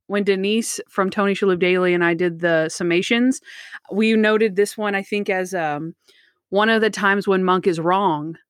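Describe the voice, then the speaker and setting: A woman's voice: medium pitch, fairly even intonation, moderate pace, no room sound, studio quality. A woman hosting a casual chat, recapping scenes in a chatty way with lots of retelling.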